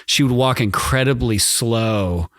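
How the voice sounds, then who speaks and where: A man co-hosting a podcast, telling family stories in a rambling way and squeaking out quoted lines. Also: measured pace, fairly bright tone, no room sound, studio quality. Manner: rambling, laughs, with sudden high-pitched quoted lines. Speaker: podcast co-host. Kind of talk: casual podcast chat.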